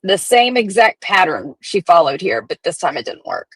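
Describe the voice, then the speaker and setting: A woman's voice: fairly low pitch, big pitch swings, moderate pace, husky, no echo, rough recording. A woman hosting a profane, chatty commentary stream. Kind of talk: casual gossip commentary.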